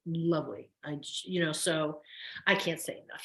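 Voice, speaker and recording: A woman's voice: sits low, moderate pace, fairly bright tone. An older woman, a soap actress guest, telling stories in a chatty, effusive way with many restarts. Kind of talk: casual interview chat. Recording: roomy echo.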